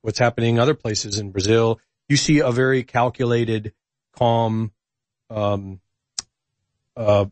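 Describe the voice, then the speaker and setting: A man talking through a casual podcast chat, animated as he tells stories, with frequent ums and uhs. His middle-pitched voice is recorded dry and close, with no room sound. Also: a little slow, long pauses, no echo. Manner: animated storyteller, hesitant fillers.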